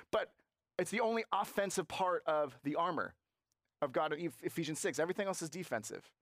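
Man preaching with slow emphatic phrases. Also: on the high side, no room sound, studio quality. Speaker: pastor. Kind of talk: sermon.

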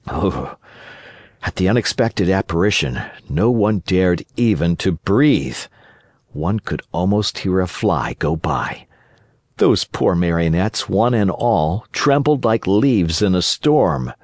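Expressive male audiobook narrator. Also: low-pitched, slow, dry recording, clean studio sound. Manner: expressive storytelling. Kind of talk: scripted narration.

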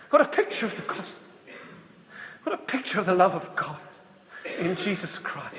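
A man preaching with a high voice, slow and earnest, often doubling back to restart a phrase. His words carry a long hall reverb, as if spoken in a big church. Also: a bit bright. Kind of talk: sermon.

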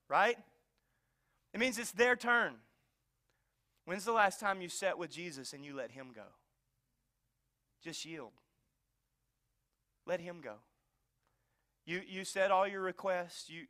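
Pastor, man in his thirties, high bright voice, preaches with anecdotes and quiet hushed moments. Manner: storytelling, drops to soft near-whisper for emphasis. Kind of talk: sermon. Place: church sanctuary.

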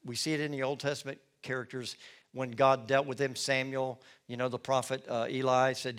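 A middle-aged male pastor preaching a sermon in an expressive storytelling manner. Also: mid-range voice, moderate pace, smooth. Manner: expressive, storytelling, acts out scenes. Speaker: lead pastor.

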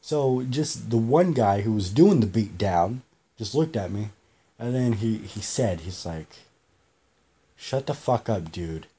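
A man's voice: lowish voice, expressive, a little slow, dark tone, slightly rough. A man hosting a podcast, telling a story in a rambling, repetitive way and swearing freely. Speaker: podcast host. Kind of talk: casual storytelling monologue.

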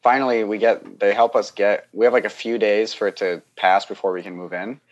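A man's voice: fairly low pitch, fairly even intonation, a little fast, lo-fi sound. A young man in casual chat, telling a long story in a rambling way, acting out the people he quotes and laughing often.

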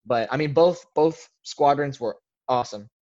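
A man's voice: medium pitch, moderate pace, a little mellow, dull audio. A young man, a podcast guest, telling a casual story in a rambling way, full of filler words. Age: young adult.

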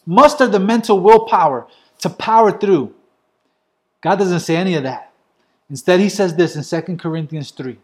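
A man's voice: high-pitched, normal speed, a little mellow. A man preaching a sermon, earnest and emphatic, driving his points home with lists of short phrases. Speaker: pastor.

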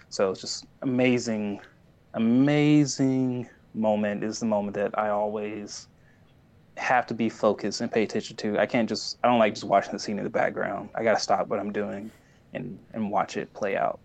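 Male co-host, low and gravelly, earnest and rambling, eager recap. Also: fairly even intonation, normal speed, darkish tone. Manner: earnest, enthusiastic, rambling with fillers and restarts. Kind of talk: casual chat recapping a show.

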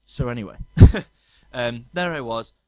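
A man, co-hosting a podcast and telling stories in a lively, laughing way. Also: mid-range voice, takes it slowly, no room sound. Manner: animated storyteller, laughs often. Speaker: podcast co-host. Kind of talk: casual chat.

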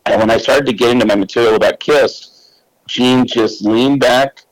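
A man's voice: mid-range voice, fairly even intonation, moderate pace, dry recording, low-quality recording. A male comedian guest telling loose, casual anecdotes, swearing freely and laughing between lines.

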